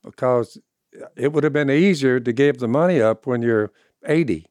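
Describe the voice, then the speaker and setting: A man's voice: mid-range voice, moderate pace, darkish tone, no room sound, clean studio sound. A man in his seventies on a podcast, talking about the Bible in a folksy, rambling way. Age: 70s. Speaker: podcast co-host. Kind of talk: casual Bible discussion.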